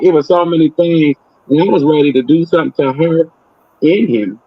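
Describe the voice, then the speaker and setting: A man telling a personal story in casual talk, animated, acting out the voices of the people in it. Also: fairly high pitch, a little fast, breathy edge, no room sound, lo-fi sound.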